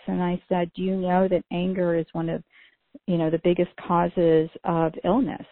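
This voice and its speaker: A woman's voice: lowish voice, little pitch movement, moderate pace, vocal fry, no echo. A middle-aged woman co-hosting a podcast, telling stories in a chatty way with lots of "you know" fillers. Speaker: podcast co-host. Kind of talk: casual podcast conversation. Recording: dry, phone-like narrow sound.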